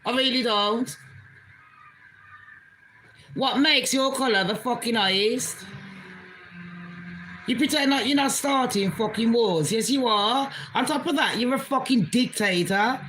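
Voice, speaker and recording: Woman vlogger, British Jamaican accent, bright and sharp tone, profane heated rant, faint room noise. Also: on the high side, unhurried, long pauses, low-quality recording. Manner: profane, heated, swearing constantly. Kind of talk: angry political rant vlog.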